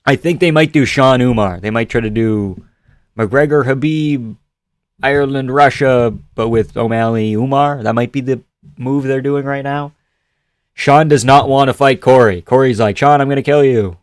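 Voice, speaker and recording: Male streamer, mid pitch, profane and rambling, dry close mic. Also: moderate pace, no echo. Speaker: live streamer. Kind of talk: casual chat reacting to chat.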